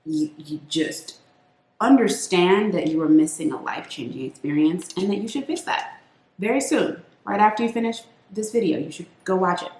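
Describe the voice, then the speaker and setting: A woman's voice: on the low side, echoey room. A woman beauty vlogger chatting playfully through a makeup routine, calling her viewers sis. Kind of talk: casual makeup tutorial chat.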